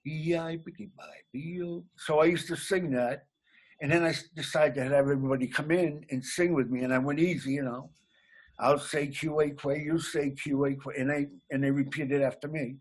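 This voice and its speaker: A man's voice: a little high, fairly even intonation, fairly quick. A man from Massachusetts, a comedian guest chatting loosely in an interview and laughing at his own gags. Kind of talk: casual interview chat.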